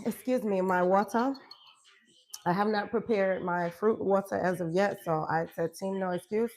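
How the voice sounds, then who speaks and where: A woman's voice: medium pitch, steady tone, a little slow, a little mellow, a little hiss or hum. Upbeat woman coach, emphatic affirmations. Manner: emphatic, affirming, laughs often. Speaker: wellness coach. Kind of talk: live-stream motivational chat.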